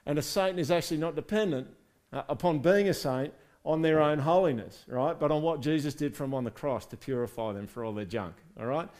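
Man preaching a lively sermon. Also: on the high side, brisk. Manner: lively, asks the congregation questions. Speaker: pastor. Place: church service.

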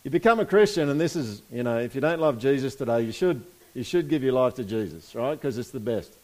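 A man's voice: mid-range voice, expressive, fairly quick, darkish tone. A man preaching a sermon in a casual, conversational way, asking the congregation for responses and reading scripture aloud. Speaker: pastor.

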